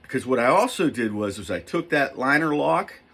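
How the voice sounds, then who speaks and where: A middle-aged man talking casually to camera as a knife reviewer, rambling and excitable, poking fun at himself. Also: mid-range voice, normal speed, breathy edge. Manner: rambling, excitable, self-mocking.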